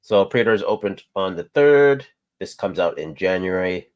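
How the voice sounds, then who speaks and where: Male co-host, fairly low voice, easygoing chatter with frequent laughs. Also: measured pace, smooth, lo-fi sound. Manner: relaxed, laughs often, trails off. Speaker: co-host of a toy news show. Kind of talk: casual chat.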